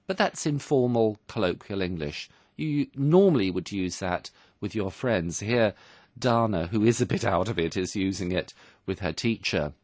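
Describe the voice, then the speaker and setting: A man's voice: on the low side, expressive, normal speed, darkish tone, dry recording, studio quality. A man presenting a radio English lesson, explaining phrases in a patient, teacherly way.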